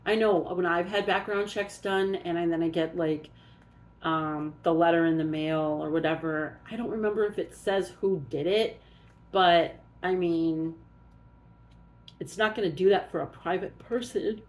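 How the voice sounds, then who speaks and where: A woman's voice: lowish voice, measured pace. A woman doing a casual oracle card reading, musing aloud and thinking as she goes.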